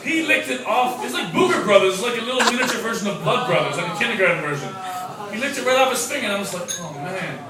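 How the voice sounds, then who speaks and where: A man doing a stand-up set, swinging from loud, profane outbursts to muttered asides. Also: high-pitched, big pitch swings, rapid-fire. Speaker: stand-up comedian, English teacher. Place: comedy club stage before a laughing audience. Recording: echoey club, mic from far off, crowd noise. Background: laughing audience.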